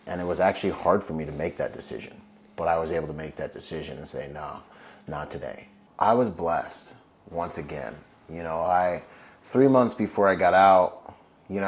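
A male Marine veteran telling a personal story in a loose, casual way, filling his talk with "like" and "you know" and acting out the voices of people in it. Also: deep voice. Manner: acts out quoted voices in his stories.

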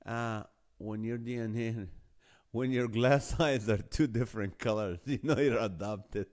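A man's voice: mid-range voice, unhurried, darkish tone. A man with a Middle Eastern accent hosting a live online show, chatting casually, joking and reading viewer comments aloud. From Holy Land. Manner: chatty, jokey, reads viewer comments aloud and laughs often. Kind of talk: casual live-stream chat.

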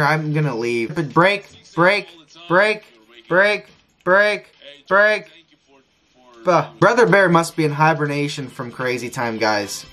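A man streaming a casino session, frustrated, talking excitedly and repeating his pleas to the wheel. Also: on the high side. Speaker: gambling streamer. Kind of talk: live casino session commentary.

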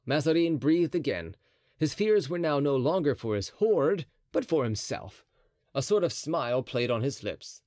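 A man's voice: a little high, expressive, moderate pace, a little mellow, no echo, studio quality. A man narrating a classic adventure novel as an audiobook, telling the story expressively. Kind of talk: scripted narration.

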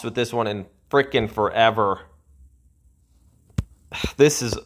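A man giving frustrated gameplay commentary as a channel host, sighing and ranting with drawn-out insults at the game. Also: mid-range voice.

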